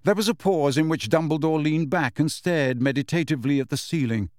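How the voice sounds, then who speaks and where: A man narrating an audiobook in expressive storytelling fashion. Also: on the high side, fairly quick, no room sound, studio quality. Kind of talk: scripted narration.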